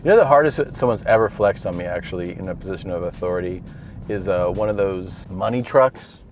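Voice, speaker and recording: A man's voice: deep voice, fairly quick, background noise. A man, a touring comedian, casually telling profane, rambling stories from inside a car. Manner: laid-back, profane, rambling storyteller. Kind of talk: casual storytelling vlog.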